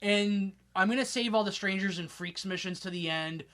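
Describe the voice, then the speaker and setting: A man's voice: high-pitched, normal speed, fairly bright tone. A young man hosting a casual gaming podcast, rambling, swearing casually and laughing often. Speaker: podcast host. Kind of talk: casual chat.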